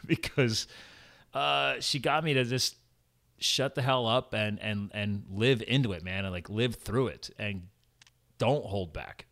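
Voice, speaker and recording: A man's voice: fairly low pitch, normal speed, sharp tone. A young man talking candidly as a podcast guest, rambling and often saying "man". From farm upbringing, rural. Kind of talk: casual conversation.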